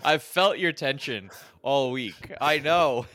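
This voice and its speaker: A man co-hosting a podcast in a slow, wry, laughing way. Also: medium pitch, fairly bright tone, no echo, studio quality. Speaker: podcast co-host. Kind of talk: casual chat.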